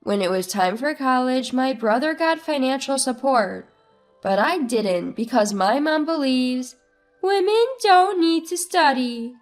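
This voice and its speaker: A woman tells a first-person story in a slow, high voice. Her delivery is subdued and plaintive, with soft music under her. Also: animated. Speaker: narrator. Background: faint music.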